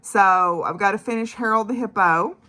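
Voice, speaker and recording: Chatty woman with a bright voice. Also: medium pitch, moderate pace. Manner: chatty, rambling, frequent "uh" and "so". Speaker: crafting vlogger. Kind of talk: casual chat about craft projects.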